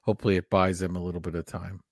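Man, podcast co-host, lowish voice, relaxed explaining, dry sound. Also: racing, no room sound. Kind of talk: casual chat.

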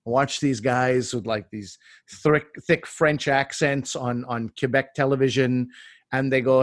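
A man in his forties from Canada, a comedian guest telling stories in a casual, animated way and acting out the voices. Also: mid-range voice, normal speed, no echo, studio quality. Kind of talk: casual storytelling.

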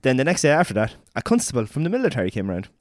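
A man's voice: medium pitch, huge pitch swings, very fast, no room sound, studio quality. A man co-hosting a podcast, telling a story in a rambling way with many fillers and laughing at his own slips. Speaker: podcast co-host. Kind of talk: casual chat and storytelling.

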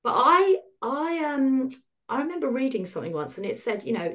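A middle-aged woman, a podcast guest, speaking candidly in a wry, animated way and acting out the voices she quotes. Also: high-pitched, fairly quick. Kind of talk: candid conversational storytelling.

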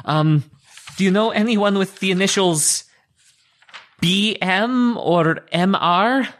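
A man playing a tabletop game, joking and quick to laugh. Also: sits high, a bit bright. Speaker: player.

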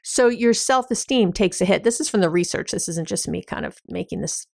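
A woman's voice: medium pitch, lively intonation, fairly quick, vocal fry, a little mellow, dry recording, clean studio sound. A woman hosting an advice podcast, explaining in a casual, conversational way with everyday examples and frequent fillers. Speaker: podcast host.

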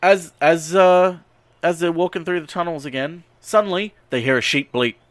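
A man hosting a podcast, loosely retelling a film's plot with plenty of swearing and filler words. His voice sits a bit high for a man. The recording is dry and close, with no room sound. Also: normal speed, dry recording. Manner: rambling, profane, many ums and uhs. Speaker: podcast host. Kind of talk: casual movie recap.

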